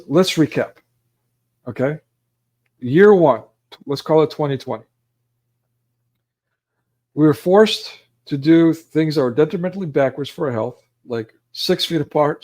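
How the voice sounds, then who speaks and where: A man with a gravelly, fry-laden voice talks through a livestream, preaching and rambling between clips. He often corrects himself mid-sentence and turns emotional. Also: fairly high pitch, darkish tone. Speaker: livestream host. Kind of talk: livestream commentary.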